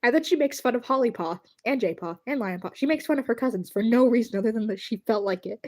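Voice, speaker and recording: Woman livestreamer, higher voice, giggly rambling chat, thanks viewers. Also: quick pace, darkish tone. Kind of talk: casual livestream chat while drawing.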